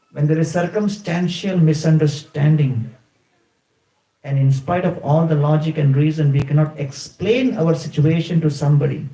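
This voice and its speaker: Male preacher, deliberate and explanatory, mellow tone, echoey room, mic set back. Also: on the high side. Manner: explanatory, deliberate, acts out quotes. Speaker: spiritual speaker. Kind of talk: devotional sermon storytelling. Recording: roomy, distant from mic.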